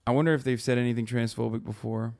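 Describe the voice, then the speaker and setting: A man's voice: medium pitch, fairly even intonation, fast, creaky. A man hosting a livestream, chatting casually and teasing his co-host with plenty of swearing. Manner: profane, teasing, swings loud. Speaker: streamer host.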